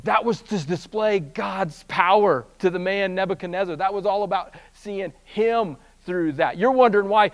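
A man preaching a sermon, swinging between hushed, slow passages and loud, fast bursts, with humorous asides. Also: high voice. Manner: animated storytelling with humorous asides. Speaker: pastor.

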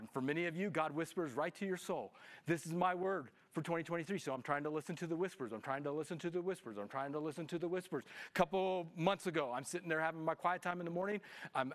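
A middle-aged man preaching a sermon as pastor, animated and swinging between hushed lines and shouts. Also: sits high.

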